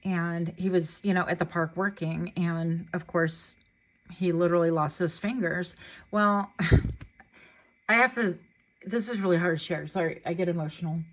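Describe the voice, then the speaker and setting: A woman doing a casual tarot reading in a chatty, rambling way, laughing easily and getting emotional. Her voice sits a little low for a woman. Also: steady tone, a little slow. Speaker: tarot reader.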